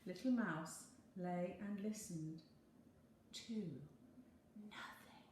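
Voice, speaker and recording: A woman teacher reading a picture book aloud in a slow, expressive storytelling voice. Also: medium pitch. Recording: very echoey room, faint hum.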